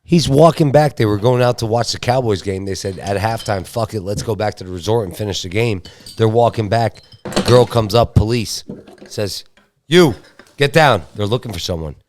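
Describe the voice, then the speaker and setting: A man co-hosting a podcast, telling a story in casual chat, profane and rapid. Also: lowish voice, darkish tone, a little hiss or hum. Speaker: podcast co-host.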